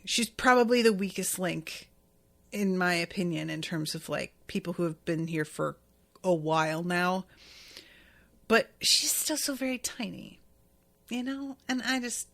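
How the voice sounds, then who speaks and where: A woman hosting a podcast, casually recapping an anime episode in a chatty, animated way, often acting out what characters say. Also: medium pitch. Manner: chatty, animated retelling with quoted voices. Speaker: podcast host.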